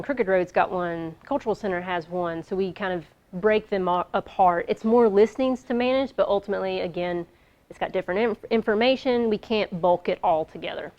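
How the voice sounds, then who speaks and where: A woman's voice: mid-range voice, a little mellow. A woman giving a casual business workshop, upbeat, lighthearted and conversational. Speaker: workshop presenter. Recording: dull lo-fi recording.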